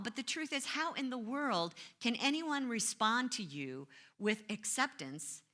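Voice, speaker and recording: Middle-aged woman minister, bright clear tone, chatty sermon, pokes fun at herself. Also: mid-range voice. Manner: conversational, self-mocking storytelling with acted-out complaints.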